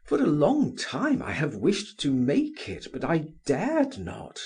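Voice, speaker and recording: A man's voice: a little high, wildly swooping pitch, takes it slowly, a little mellow, husky, voice pushed up, heavily acted. A male narrator voicing a scheming young man who pleads his love earnestly, in an audiobook reading.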